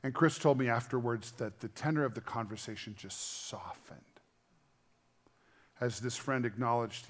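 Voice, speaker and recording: A middle-aged man preaching a sermon as pastor, earnest and conversational, shifting between quiet, intimate moments and louder emphasis. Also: medium pitch, normal speed.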